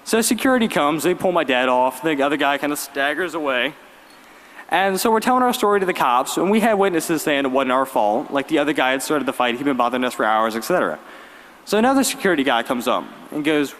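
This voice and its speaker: Teen guy giving a grad speech in a big arena, bouncy animated voice, long echo. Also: fairly high pitch, fast. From Virginia, US. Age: late teens. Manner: lively storytelling with wry humor. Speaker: valedictorian. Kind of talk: graduation speech. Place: large arena.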